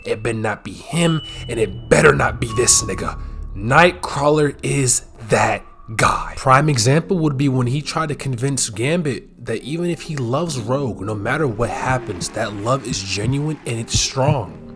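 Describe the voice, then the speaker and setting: A man recaps a show for laughs in a loose, slangy voice. His pitch jumps around a lot, and he bursts out loudly now and then. Clear background music plays under him. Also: a little slow. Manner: slangy, animated, swings to loud outbursts. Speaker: recap commentator. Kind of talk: comedic show recap narration.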